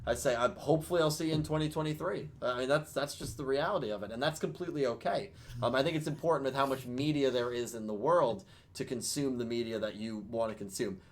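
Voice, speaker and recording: Guy hosting a podcast, rambly, trips over his words, mid pitch. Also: quick pace. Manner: loose, rambling, lots of restarts. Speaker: podcast host. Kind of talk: casual podcast chat.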